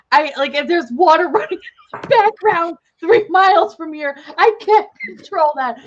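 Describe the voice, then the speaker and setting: A woman's voice: sits high, big pitch swings, normal speed, highs cut off, slight background noise. A woman guest in a casual live-stream chat, telling stories dramatically and swearing freely.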